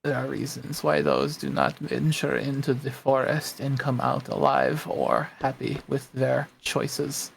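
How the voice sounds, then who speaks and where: A man's voice: mid-range voice, a little slow, creaky, few pauses, a little hiss or hum. A man at a tabletop game, talking in a dry, teasing way. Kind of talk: casual tabletop play.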